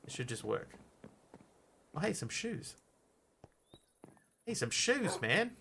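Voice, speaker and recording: A man's voice: on the high side, big pitch swings, slow, creaky, sharp tone, husky. A man streaming a game live, chatting casually, thinking aloud and answering his viewers as he plays.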